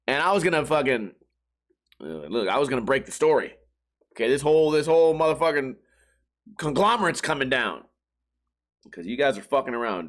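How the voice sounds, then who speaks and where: A man's voice: a little high, a bit bright. A man hosting a solo podcast, telling rambling profane stories and slipping into mock voices. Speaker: podcast host. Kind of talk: casual solo rant.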